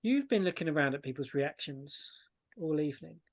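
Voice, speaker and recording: A woman narrating a tabletop game as game master, in a slow, ominous storytelling manner. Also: deep voice, expressive, no room sound.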